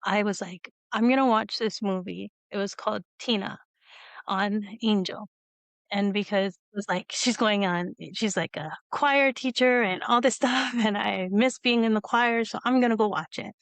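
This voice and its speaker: A woman's voice: mid-range voice, moderate pace, no echo. A woman hosting a video-call interview, telling a long personal story in a rambling, tearful way with frequent laughs. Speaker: host. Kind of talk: emotional conversational storytelling.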